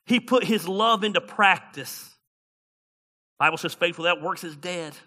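Bright-voiced preacher, loud to hushed. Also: male voice, high-pitched, measured pace. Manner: swings between loud preaching and quiet storytelling. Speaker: pastor. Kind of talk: sermon.

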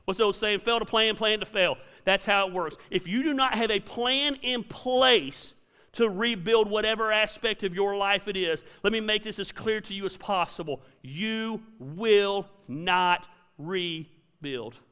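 A man's voice: sits high, moderate pace, pushed and bright, clear, resonant tone. A middle-aged man preaching a sermon as a pastor, conversational and emphatic, with punchy repeated lines. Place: church auditorium. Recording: reverberant hall.

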